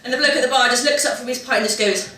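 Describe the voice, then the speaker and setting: Woman doing stand-up, high voice, big animated storytelling, echoey club mic from far off. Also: racing, noisy background. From English Midlands. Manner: animated storytelling with loud exclaimed punchlines. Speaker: stand-up comedian. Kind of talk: stand-up comedy set. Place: comedy club stage. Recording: roomy live venue recorded from a distance.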